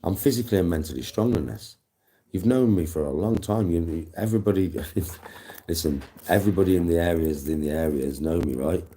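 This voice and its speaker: A man's voice: low voice, fairly quick, mellow. A man livestreaming to his chat, talking intensely and emphatically with a lot of swearing.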